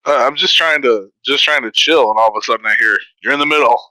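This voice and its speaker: A man co-hosting a podcast, chatting casually about sim racing with dry, deadpan humor. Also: mid-range voice, fast talker, dry recording, rough recording. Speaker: podcast co-host.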